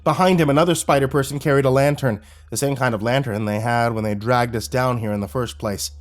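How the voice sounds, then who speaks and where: A man's voice: medium pitch, fairly quick. Man narrating a horror story. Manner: steady storytelling delivery.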